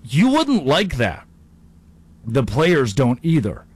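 Animated male sports-talk host. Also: mid-range voice, slow pace, long pauses, breathy edge. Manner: animated, jokey, slips into mock impressions. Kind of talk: energetic sports commentary monologue.

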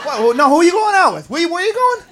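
A woman's voice: very high voice, big pitch swings, very fast, fairly bright tone, a little hiss or hum, full character voice. Woman playing a jealous, nagging boyfriend. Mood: jealous, grumbling. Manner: suspicious, nagging, grumbling. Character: jealous controlling boyfriend at home.

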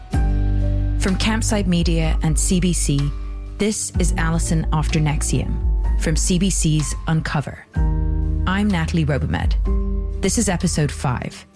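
A woman hosting and narrating a documentary podcast in a measured, scripted delivery. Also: deep voice, a little mellow. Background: faint music.

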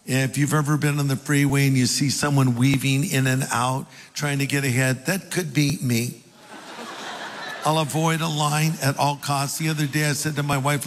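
An older pastor preaching a sermon with folksy, self-deprecating stories. His voice sits somewhat high for a man. A long hall reverb trails every phrase. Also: normal speed, a bit bright, a little hiss or hum. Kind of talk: sermon with storytelling.

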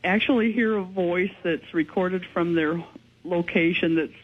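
Husky-voiced woman on a muffled line. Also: on the low side, a little slow. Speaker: ghost investigator guest. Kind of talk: radio interview.

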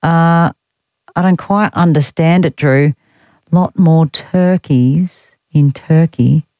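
An Australian woman hosts talkback radio, wry and teasing as she chats casually and reads listener texts aloud. Her voice sits low and she takes things slowly. The studio mic recording is dry and lo-fi.

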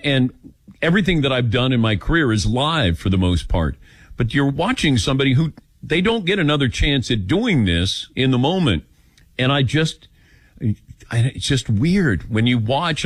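An older man hosting a call-in radio show, taking callers and telling personal stories with lively acted-out quotes. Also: medium pitch, normal speed, husky, dry recording. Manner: animated storytelling, acts out quotes. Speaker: radio talk show host.

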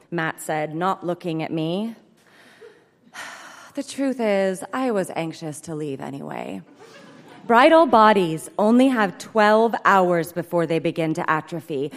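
A woman performing a comic story reading live, in a brisk, deadpan manner, heard in an echoey hall. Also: medium pitch. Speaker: comedic storyteller.

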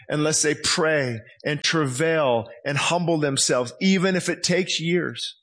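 A man's voice: a little high, measured pace, a bit bright. A man preaching a sermon as pastor, impassioned, acting out the voices he quotes.

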